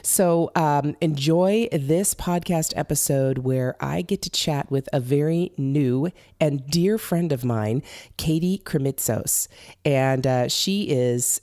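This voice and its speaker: A woman hosting a podcast in a bubbly, chatty way, her voice a little hoarse as it recovers. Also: low voice, takes it slowly, mellow, dry recording, studio quality. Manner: bubbly, chatty, many fillers. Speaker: podcast host. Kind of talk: casual podcast chat.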